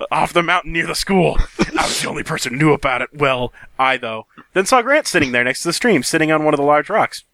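A man co-hosting a comedy podcast, reading an amateur story aloud in a deadpan way and breaking into laughter. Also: on the high side, a little fast, no echo. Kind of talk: comedic reading of fan fiction.

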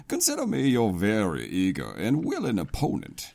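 Gravelly, low male co-host hamming up a gruff president, big swings. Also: wildly swooping pitch, moderate pace, few pauses, a little mellow, no room sound. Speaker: comedy podcast co-host. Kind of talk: comic dramatic reading.

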